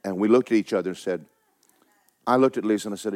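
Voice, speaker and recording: A man preaching a sermon, with folksy asides, rising loud to stress a point and dropping low to tell a story. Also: fast. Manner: folksy preaching, rises loud for emphasis, drops low for stories. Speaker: pastor.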